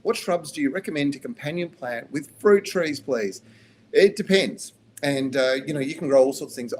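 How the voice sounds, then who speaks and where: Man, Australian accent, live gardening Q&A, chatty, hoarse, lots of ums, faint background hiss. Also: medium pitch, darkish tone. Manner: chatty and practical, with frequent ums and restarts. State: losing his voice, clearing his throat. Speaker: gardening expert answering viewer questions. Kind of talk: live stream Q&A.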